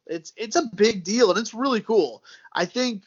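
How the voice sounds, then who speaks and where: A man's voice: sits high, normal speed, husky, highs cut off. A man with a Midwestern American accent, chatting loosely as a podcast guest, repeating words and calling his host "dude" and "man". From United States. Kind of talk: casual chat.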